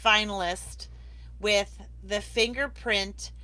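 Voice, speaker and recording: A bright, lively woman hosts a live stream over a video call, chatty and enthusiastic with frequent laughs. Her voice is close and dry, with no room sound around it. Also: medium pitch, slow pace, dry recording. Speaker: host of a live awards broadcast. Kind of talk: casual live-stream hosting.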